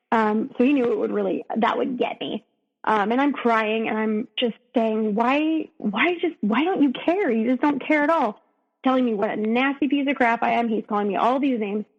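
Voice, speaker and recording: A woman, a podcast guest, retelling a painful personal story with emotion, often halting and restarting. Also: a little high, gravelly, breathy edge, long reverb tail, lo-fi sound.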